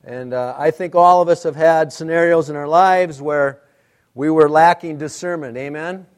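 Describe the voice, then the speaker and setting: A middle-aged man preaching a sermon, telling a story in an animated, self-mocking way. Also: a little high, normal speed. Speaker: pastor.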